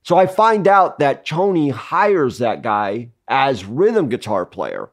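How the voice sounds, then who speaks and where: A man's voice: mid-range voice, big pitch swings, slow pace. A man co-hosting a podcast, telling a long rambling anecdote in casual chat and acting out the dialogue he quotes. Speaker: podcast co-host.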